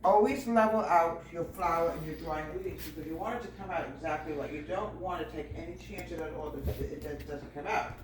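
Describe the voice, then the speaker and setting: A woman's voice: low voice, brisk, few pauses. A woman hosting a home baking video, chatting in a homespun way, calling her viewers folks and drifting into small talk as she works. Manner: chatty and homespun, often calls the viewers "folks" and wanders off topic. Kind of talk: casual cooking demonstration. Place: home kitchen. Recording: echoey kitchen with background noise.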